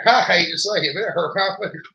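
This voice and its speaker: A man's voice: high voice, a little fast, gravelly, sharp tone. A man with a thick rural North Carolina accent, chatting in a folksy, drawling way as the host of a homesteading show. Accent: Southern US, North Carolina. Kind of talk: casual chat. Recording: dull lo-fi sound.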